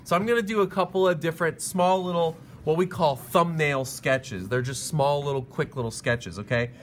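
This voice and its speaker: A man's voice: fairly high pitch, normal speed, a little hiss or hum. A man teaching a class how to draw facial expressions, chatting casually as he sketches and acting out the faces himself. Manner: lively, chatty, talks while sketching, acts out faces. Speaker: art teacher. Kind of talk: live drawing lesson to a class.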